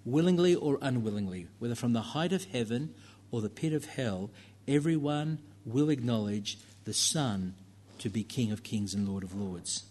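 A man's voice: mid-range voice, moderate pace, darkish tone. A man preaching a sermon in a church, talking conversationally with fillers and asides to the congregation.

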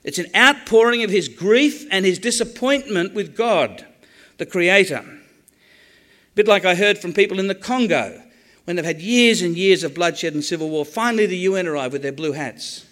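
A man preaching a sermon on the Psalms, animated, acting out quoted prayers with jokey asides. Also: sits high, moderate pace.

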